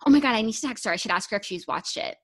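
Expressive young woman co-host. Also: fairly high pitch, racing. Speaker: podcast co-host. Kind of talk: casual chat.

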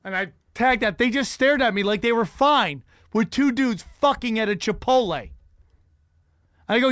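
A man's voice: very high-pitched, expressive, normal speed, a bit bright, clean tone, no echo, clean studio sound. A man hosting a casual chat, telling rambling, profane, self-mocking stories.

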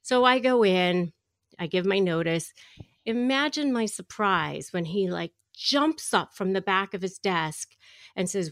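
A woman's voice: medium pitch, animated, moderate pace, dry recording, studio quality. A middle-aged woman, a guest attorney, telling a story with animation in a podcast interview. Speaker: guest, divorce attorney and negotiator.

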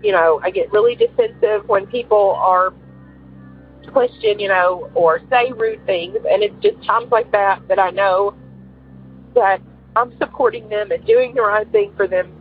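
A little slow and breathy, a mid-range female voice comes through a tinny phone line with faint hiss, with faint music behind it. She's a caller in her forties recounting a personal story on a call-in show, rambling, emotional and filler-heavy.

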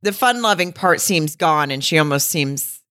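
A woman co-hosts a podcast recapping a reality show, chatting candidly, swearing and laughing often. Her low voice is bright and forceful with lively intonation at normal speed, recorded cleanly in a studio with no room sound.

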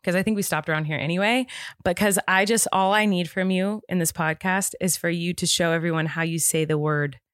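A woman's voice: lowish voice, fairly even intonation, brisk, a bit bright, no room sound. American woman, podcast host, playful and giggly, dry close sound. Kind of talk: casual podcast chat.

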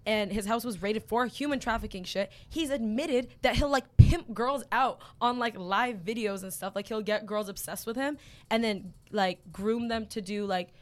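A young woman talking as a podcast guest in casual chat, animated and peppered with "like" and swearing. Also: fairly high pitch, moderate pace.

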